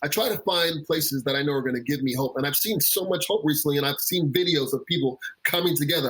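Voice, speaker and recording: Husky, impassioned man pastor. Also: fairly high pitch, a bit bright, low-quality recording. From South Florida. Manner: impassioned, repeats words as he builds a point. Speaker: children's pastor, guest. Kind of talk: earnest interview conversation.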